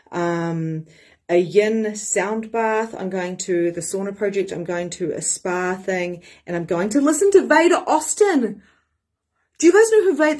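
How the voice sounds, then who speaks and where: Kiwi lady life coach live streaming, husky voice, super animated, swears a bit. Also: medium pitch. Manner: animated and excitable, swears casually. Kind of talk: live-streamed motivational talk.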